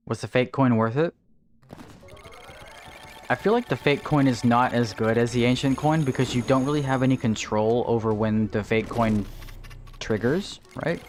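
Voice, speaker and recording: A man's voice: mid-range voice, moderate pace, faint music behind. A man streaming live, thinking aloud about his game and chatting with viewers. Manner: casual, thinking aloud, greets chat. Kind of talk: live gameplay commentary.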